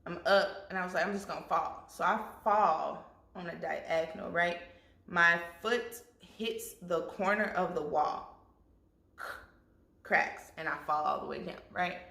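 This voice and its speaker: Animated young woman telling a story. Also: on the low side, measured pace, vocal fry. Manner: animated, addresses viewers as y'all, acts out quotes. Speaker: vlogger. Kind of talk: storytime vlog. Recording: echoey room.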